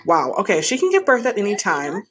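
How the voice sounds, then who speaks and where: Lively woman narrating her game. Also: medium pitch, a little fast. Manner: talks to her game characters, exasperated and playful. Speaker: gaming host. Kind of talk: casual gameplay commentary.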